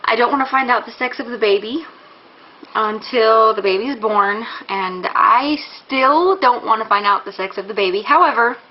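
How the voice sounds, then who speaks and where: A woman's voice: on the high side, moderate pace, highs cut off. Rambling young woman vlogging at home. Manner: rambling, many fillers and restarts; candid, a little embarrassed. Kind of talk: casual pregnancy vlog.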